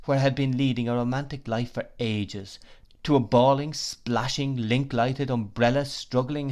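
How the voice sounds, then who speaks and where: A man narrating a classic novel in the first person, reading at a measured pace. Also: mid-range voice, darkish tone. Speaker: audiobook narrator.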